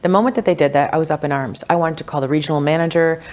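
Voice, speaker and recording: Low-pitched woman chatting on a podcast, animated storyteller, lots of like and you know. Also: racing. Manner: animated, acts out quoted voices with big pitch jumps. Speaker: wealth coach guest. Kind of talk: casual storytelling in a podcast interview.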